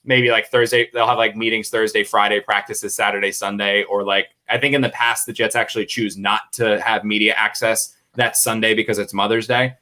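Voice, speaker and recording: A young man co-hosting a casual podcast, telling a story with quick, animated energy and lots of fillers. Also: fairly low pitch. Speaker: beat reporter and podcast co-host.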